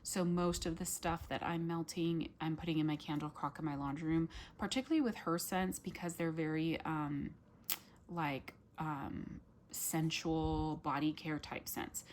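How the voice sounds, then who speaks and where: A woman vlogger chatting casually through a product review, full of ums and likes and quick self-corrections. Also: low-pitched, slight background noise.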